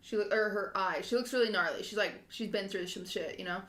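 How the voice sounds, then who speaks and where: A woman's voice: mid-range voice, brisk, a bit bright. Chatty woman telling a story in an echoey room. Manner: rambling, emotional, laughs often. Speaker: podcast co-host. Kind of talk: casual chat, animated storytelling.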